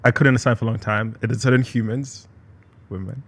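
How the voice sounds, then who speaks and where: A man who is a guest on a casual podcast, talking in an animated, self-mocking way and laughing easily. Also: mid-range voice, quick pace, gravelly.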